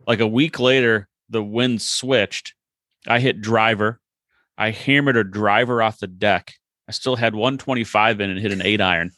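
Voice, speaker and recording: A man telling a short golf story in a casual chat, matter-of-fact and measured. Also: lowish voice, fairly even intonation, sharp tone, dry recording.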